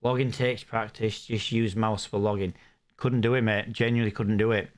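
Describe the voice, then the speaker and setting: A man's voice: on the low side, fairly even intonation, moderate pace. A young British man chatting to his live chat and thinking aloud as he plays a game on stream. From United Kingdom. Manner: chatty, thinks aloud while playing, reads chat comments. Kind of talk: live gaming stream commentary.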